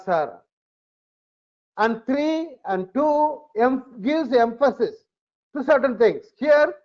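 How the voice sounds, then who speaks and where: A man teaching a Bible study lecture, speaking deliberately, repeating words for emphasis and reading verses aloud. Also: very high-pitched, lo-fi sound.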